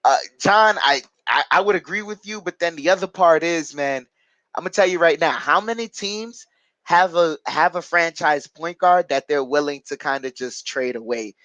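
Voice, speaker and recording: On a dry, poor-quality recording, a watch-along stream host talks over live basketball at a moderate pace in a slightly high, somewhat bright voice. He casually reads out chat comments and responds, chatty and hesitant, filling gaps with lots of fillers.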